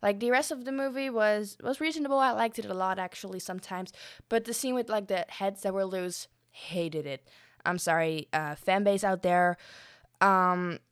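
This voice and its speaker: A woman's voice: mid-range voice, moderate pace, clean tone, no echo, clean studio sound. A young woman casually reviewing a film on her solo podcast, rambling and chatty with lots of fillers and frequent apologies.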